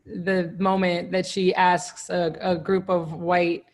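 A woman's voice: lowish voice, level tone, slow pace. A woman speaking as a guest in a candid conversation, reflective and searching for her words.

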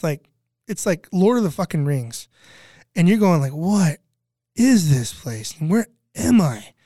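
A man's voice: fairly high pitch, mellow, no room sound. Middle-aged guy from california, rambly storyteller, keeps restarting, dry close sound. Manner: rambling, repeats words, quotes people in put-on voices. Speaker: guest recounting flood relief work. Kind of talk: casual storytelling chat.

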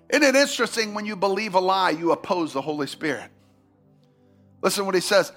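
A man preaching a sermon as pastor, swinging from loud, fervent emphasis to quiet asides. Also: sits high, a little fast, gravelly, soft background music.

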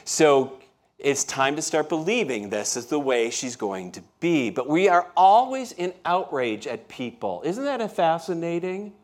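A pastor preaches his sermon in church at a moderate pace, his voice on the high side with lively intonation. He shares everyday stories in a conversational manner, often turning to the congregation with questions.

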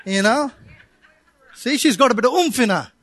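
High-voiced preaching pastor. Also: male voice, lively intonation, moderate pace, a bit bright, no echo. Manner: emphatic, calls out to the congregation for responses. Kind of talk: sermon. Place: church service.

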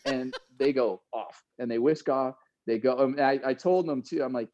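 A middle-aged man tells a story with growing animation, breaking into laughs and acting out quotes. His voice sits at a middling pitch. The recording is dry and a little dull. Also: normal speed, few pauses, mellow, no room sound. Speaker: guest telling a story. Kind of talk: casual storytelling.

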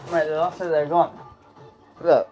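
Brief: laid-back teasing friend, mid pitch, soft music in the background. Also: little pitch movement, a little slow. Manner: teasing, swears casually. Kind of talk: casual chat among friends.

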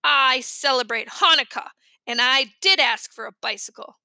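A blunt schoolboy, as a woman reader puts him on, flat and dismissive in every line. The voice stays high and bright. The sound is dry and close. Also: moderate pace, dry recording, exaggerated voice. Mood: scornful.

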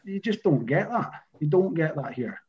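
A man's voice: on the high side, expressive, moderate pace, darkish tone. A Scottish man in casual podcast chat, speaking emphatically and opinionated about football. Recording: dull lo-fi sound.

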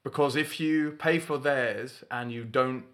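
Young man, casual co-host, bright tone, animated storyteller. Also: medium pitch. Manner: animated storytelling with quick mock voices. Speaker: podcast co-host. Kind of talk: casual chat.

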